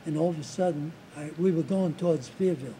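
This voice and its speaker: A man in his seventies being interviewed as a war veteran, recounting his memories in a halting way, with restarts and repeated words. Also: fairly high pitch, mellow, a little hiss or hum, rough recording. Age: 70s.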